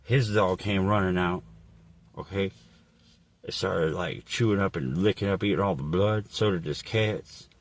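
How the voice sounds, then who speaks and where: A man telling a rambling, crude comedic story in a deadpan, profane way. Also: low-pitched, measured pace, no room sound. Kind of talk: absurd improvised comedic monologue.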